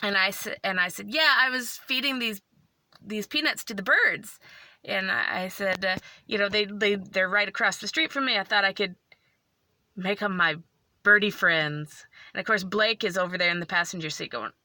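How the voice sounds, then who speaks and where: A woman vlogger telling a story in a casual, animated way, tearful and emotional. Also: mid-range voice, moderate pace, no echo.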